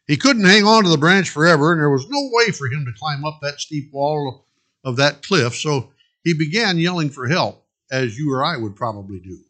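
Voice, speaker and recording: A man's voice: fairly high pitch, fairly bright tone. A man preaching a sermon, earnestly exhorting the congregation and telling a parable. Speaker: pastor.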